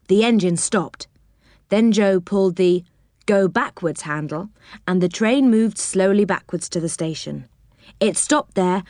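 A woman with a fairly low voice reads a children's story aloud, telling it expressively. The studio sound is clean, with no echo.

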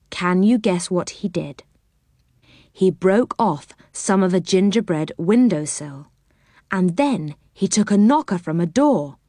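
Woman reading a children's storybook, gentle, very lively pitch, dry close sound. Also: dry recording. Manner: gentle, expressive.

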